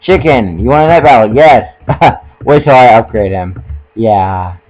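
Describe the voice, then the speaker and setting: A man's voice: mid-range voice, expressive, a little slow, a little mellow, muffled recording, faint music behind. A young man giving casual, joking commentary while playing a video game, often stumbling over his words and poking fun at himself. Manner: joking, self-mocking, trips over words. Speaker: let's play gamer.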